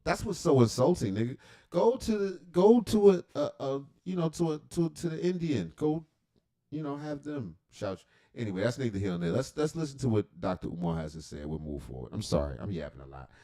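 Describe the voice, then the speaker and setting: A man rambles through a casual livestream reaction, cursing and joking as he goes. His pitch swings widely from low mutters to sudden high jumps, while his voice sits at an ordinary middle height. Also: animated, a little fast, mellow. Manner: rambling, profane, joking asides.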